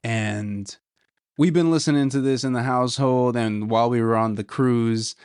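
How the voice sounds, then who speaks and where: A man's voice: medium pitch, normal speed, a little mellow, smooth, dry recording, studio quality. A young man hosting a casual solo podcast, talking enthusiastically and rambling, saying "dude" a lot, his voice a little worn. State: slightly losing his voice. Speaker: podcast host.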